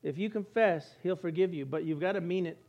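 A man with a notably high voice delivers a casual, lively sermon as a church pastor. He jokes along the way and briefly acts out the voices of the people he quotes. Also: a little fast, dull audio. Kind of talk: conversational sermon.

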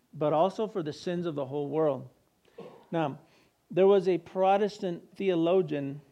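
Male pastor, higher-pitched voice, earnest preaching style. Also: darkish tone. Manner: earnest preaching, leads congregation in prayer. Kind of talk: sermon.

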